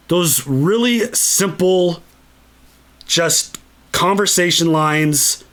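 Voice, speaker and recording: A man hosting a solo podcast, talking casually and excitedly, swearing a lot and acting out lines from movies. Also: fairly high pitch, slow pace, pauses often. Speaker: podcast host.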